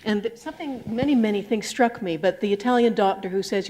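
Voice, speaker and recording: A woman's voice: medium pitch, a little fast, mellow, a little hiss or hum. Brief: woman interviewer on stage, long winding questions, stammers at the start. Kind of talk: onstage interview. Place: public library stage.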